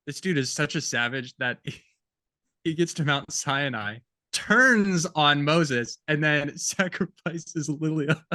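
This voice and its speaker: A man's voice: a little high, slow, sharp tone, no room sound, studio quality. A man co-hosting a film podcast, talking in a laid-back casual way with slang. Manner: laid-back, uses slang like bro and dude. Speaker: podcast co-host.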